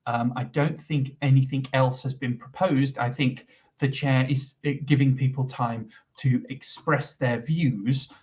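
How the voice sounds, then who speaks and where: A man's voice: medium pitch, fairly even intonation, unhurried, a little mellow, distant mic. A man giving live commentary on a proceeding and explaining what is happening while he waits for it to move on. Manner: explanatory, filling time while waiting. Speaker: livestream commentator.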